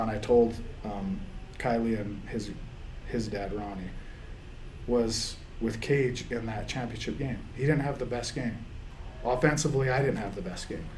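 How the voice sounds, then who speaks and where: A football coach with a medium-pitched, darkish voice reflects emotionally in an interview, rambling with restarts as he relives his team's season. He chokes up and laughs through tears, with slight background noise in the recording.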